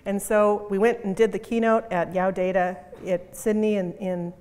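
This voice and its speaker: A woman's voice: mid-range voice, little pitch movement, normal speed, a little mellow, clean tone. A middle-aged woman giving a conference keynote talk in an emphatic, punchy way, repeating her key phrases. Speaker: conference speaker. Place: conference hall. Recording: long reverb of a conference hall.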